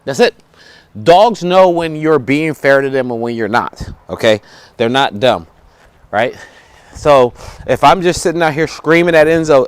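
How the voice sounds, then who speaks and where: Male dog trainer, higher-pitched, instructional; plain step-by-step explanation with short commands to the dog, outdoors. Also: expressive, normal speed. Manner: explains step by step, tags lines with "right?" and "okay?".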